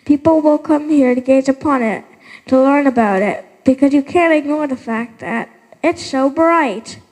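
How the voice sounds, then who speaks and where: A woman plays a villager in a church pageant, reasoning earnestly. Her voice is high and rings through a reverberant sanctuary. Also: moderate pace, darkish tone.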